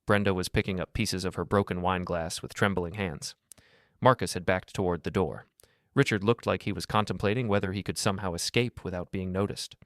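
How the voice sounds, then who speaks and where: A male narrator with a low, deep voice reads a scripted drama story in a measured, dramatic way. The sound is close and dry. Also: steady tone, no echo.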